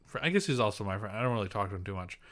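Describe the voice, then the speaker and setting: A man's voice: lowish voice, lively intonation, very fast, a bit bright. A young man co-hosting a podcast in casual chat, rambling with lots of fillers and restarts. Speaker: podcast co-host.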